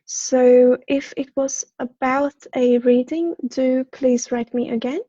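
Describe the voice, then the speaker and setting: A woman with a Swedish accent, a psychic counselor chatting on a livestream in a soft, apologetic, halting way with many fillers. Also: high voice, little pitch movement, no room sound. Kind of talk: casual livestream chat. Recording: dull lo-fi livestream audio.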